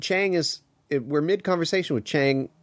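A man co-hosting a podcast, chatting casually and retelling scenes from a TV episode in a relaxed, deliberate way. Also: a little high. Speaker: podcast co-host. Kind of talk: casual chat recapping a TV episode.

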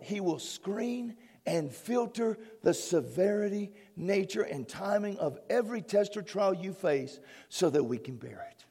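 A middle-aged man, a pastor, preaching an excitable sermon that swings between shouted declarations and hushed asides. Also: sits high, breathy edge. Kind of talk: fervent sermon. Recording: long hall reverb.

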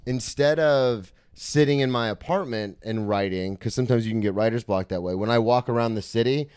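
A man's voice: medium pitch, a little fast, darkish tone, smooth, dry recording. A man hosting a comedy podcast, chatting casually with a guest and laughing often. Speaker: podcast host. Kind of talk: casual chat. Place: apartment.

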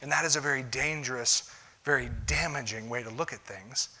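A man's voice: medium pitch, brisk, pushed and bright. A man preaching a conversational sermon in a church, emphatic and often cutting in with "listen" to press a point. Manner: emphatic, keeps saying "listen". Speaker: pastor.

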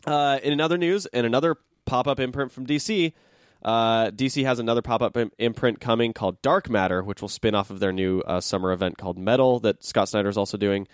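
A man's voice: medium pitch, fairly quick, clear, resonant tone, no echo, studio quality. A man hosting a podcast, chatting casually about comic news in a loose, jokey way with lots of fillers. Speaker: podcast host.

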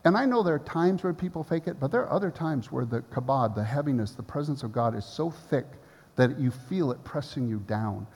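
A male pastor preaching a sermon, telling a personal story and sinking into a soft, hushed prayer. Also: medium pitch, animated, a little fast. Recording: long hall reverb.

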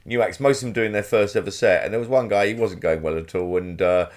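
A man's voice: on the low side, fast talker. A man, a comedian, chatting easily and agreeing often. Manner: easygoing, agreeable, lots of "yeah". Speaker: stand-up comedian. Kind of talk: casual chat between comedians.

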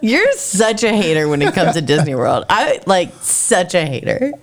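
A woman co-hosting a podcast, telling stories in a casual, animated way. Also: fairly low pitch. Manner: animated storytelling with quick bursts. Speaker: podcast co-host. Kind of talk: casual chat.

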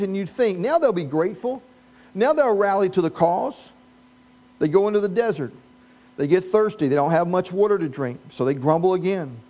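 This sermon comes from a pastor whose voice is notably high for a man. He keeps things lively and funny, tossing questions at the congregation while riffing on the story.

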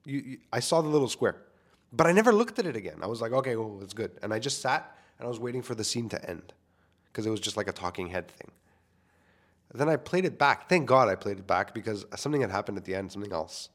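A man's voice: lowish voice, very animated, quick pace. A young man, a filmmaker, talking casually into a microphone to his listeners, candid and self-deprecating, swearing freely. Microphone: studio microphone.

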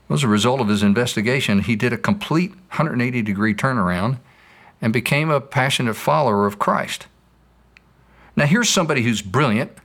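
A man's voice: medium pitch, fairly bright tone. A man patiently explaining his views in a scripted dialogue, using stories. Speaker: apologist answering questions.

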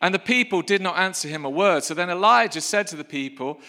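A male preacher reading scripture and preaching in a lively, playful way that builds to rousing calls of praise, recorded in a church hall. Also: high-pitched, quick pace. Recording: long hall reverb.

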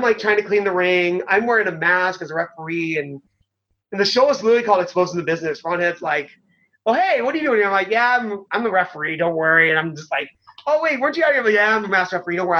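A high-voiced middle-aged man spins loose, rambling stories, packed with fillers and casual swearing. The recording sounds dull and lo-fi, with the top end rolled off. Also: pushed and bright. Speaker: former pro wrestler, guest. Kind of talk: casual storytelling.

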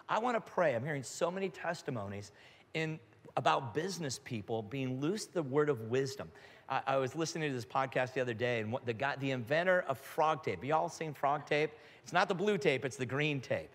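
An older man preaching a sermon and leading prayer, earnest and fervent, with a grandfather's storytelling ease. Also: on the high side. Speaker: pastor. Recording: live hall reverb with music.

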